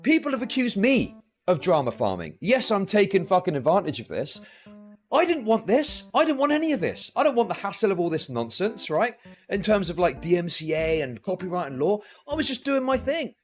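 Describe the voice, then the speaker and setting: A man's voice: high voice, sing-song, brisk, faint music behind. Profane, mocking male streamer. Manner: mocking, profane, laughing ranting. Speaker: streamer host. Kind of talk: live-stream reaction rant.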